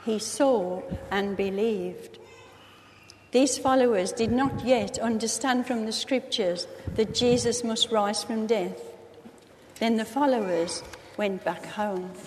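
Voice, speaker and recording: A woman's voice: on the high side, takes it slowly, darkish tone, a little hiss or hum. Woman reading a Bible story in a hall. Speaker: reader.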